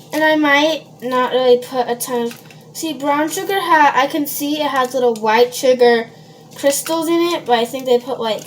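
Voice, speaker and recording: Chatty high-voiced woman from Minnesota. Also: slight background noise. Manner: chatty, rambling, filler-heavy, talks to viewers. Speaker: home baker vlogger. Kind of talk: casual baking vlog. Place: home kitchen. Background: dishes and cutlery clatter.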